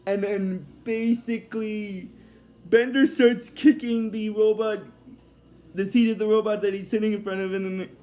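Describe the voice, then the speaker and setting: A man's voice: high voice, little pitch movement, moderate pace, mellow. A man casually recapping a cartoon episode, rambling and hesitant with many fillers, apologizing when he drifts.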